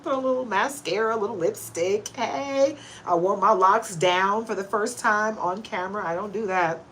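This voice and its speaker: A woman's voice: medium pitch, normal speed, fairly bright tone, slight background noise. A woman in her forties, an oracle card reader talking candidly on a home livestream and laughing often. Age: 40s. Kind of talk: casual livestream talk.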